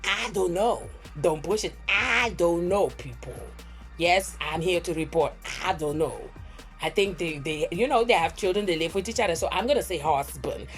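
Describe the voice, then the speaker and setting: A woman hosting a gossip reaction commentary, talking in a dramatic, theatrical way with drawn-out exclamations. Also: on the low side, animated, soft background music. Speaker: gossip reporter host.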